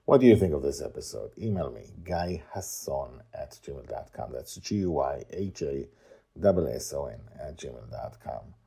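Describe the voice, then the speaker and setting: A man's voice: extremely low pitch, sing-song, moderate pace, vocal fry, mellow, slightly rough. A man hosting a podcast and reading his own fantasy story aloud in a playful, theatrical way, with sing-song interjections.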